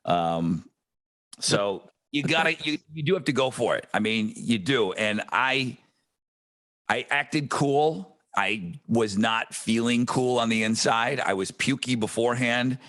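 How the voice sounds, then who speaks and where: Swearing freely, a man co-hosting a podcast spins stories in a lively, casual chat. He has a mid-range voice and doesn't rush, and he's a radio host as well.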